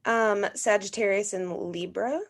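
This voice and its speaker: A woman's voice: medium pitch, steady tone, a little slow. A woman from northern Minnesota hosting a podcast, talking casually in a bubbly way with lots of "like". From northern Minnesota, USA. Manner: bubbly, filler-heavy talk with lots of "like". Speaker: podcast host. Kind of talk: casual chat.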